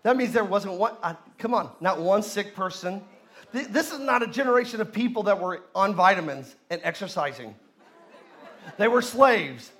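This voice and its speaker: A man's voice: high-pitched, lively intonation, moderate pace, a bit bright. A male pastor preaching a sermon at a church service, leading the congregation in call and response.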